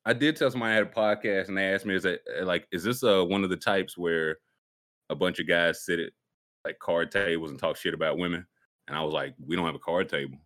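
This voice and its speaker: A man's voice: sits low, fairly even intonation, fast, a bit bright. A man hosting a podcast in casual chat, joking and putting on silly voices as he tells stories. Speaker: podcast host.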